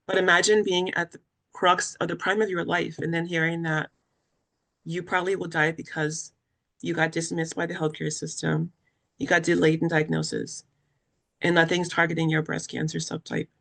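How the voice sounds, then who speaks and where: A woman's voice: fairly low pitch, flat delivery, moderate pace, gravelly, fairly bright tone. A young woman from West Africa, a cancer survivor and patient advocate, telling her story earnestly and with emotion in an interview, acting out what others said to her. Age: young adult. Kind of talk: personal story in a webinar interview.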